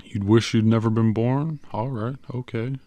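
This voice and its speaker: A man reading an audiobook, voicing a patient, cheerful little male stranger with quick, coaxing salesman patter. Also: medium pitch, steady tone, warm tone, no room sound, close to an everyday voice.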